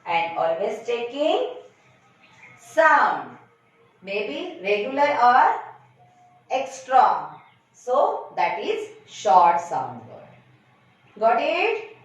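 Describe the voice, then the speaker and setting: A woman with an Indian English accent teaches phonics to small children, speaking slowly with a bright, lively lilt. She sits back from the microphone, and the recording sounds dull and very echoey. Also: a little high, recorded from a distance. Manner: slow, coaxing teacher talk that asks and answers its own questions. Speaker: kindergarten teacher. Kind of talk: online phonics lesson for young children.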